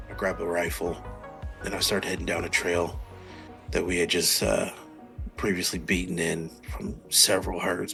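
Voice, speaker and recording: A low, gravelly man narrates his character's actions in a tabletop game, his voice edged and bright. Soft music plays under him. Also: level tone, moderate pace. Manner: shifts between third-person narration and shouted character lines. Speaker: player.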